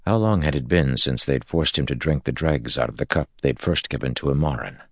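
A man narrates an audiobook in a measured, storytelling way. His voice is extremely deep and gravelly, with a husky grain, and the recording is close and dry. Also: dry recording. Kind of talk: scripted narration.

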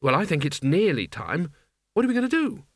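A woman's voice: on the low side, sing-song, a little fast, dry recording, clean studio sound, pitched above the performer's own voice. A man voicing an anxious young woman who keeps asking nervous questions. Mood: urgent. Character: anxious young woman riding behind a hero.

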